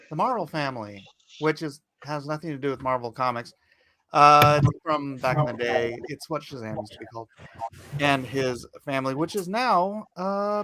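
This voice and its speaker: A man's voice: a little high, fairly bright tone. A man hosting a live drawing stream, chatting casually and joking around with his guests on a video call. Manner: jokey, playful banter. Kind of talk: casual livestream chat.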